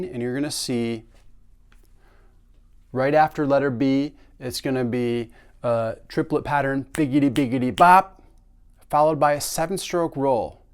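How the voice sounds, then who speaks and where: Male snare drum teacher, casual instructional delivery, average pitch. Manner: relaxed, conversational, sings drum patterns aloud.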